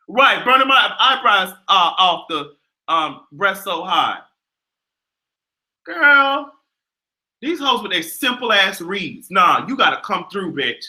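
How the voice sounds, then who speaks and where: A young man hosting a livestream, delivering a profane, sassy and animated casual rant. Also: sits high, slow pace. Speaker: livestream host.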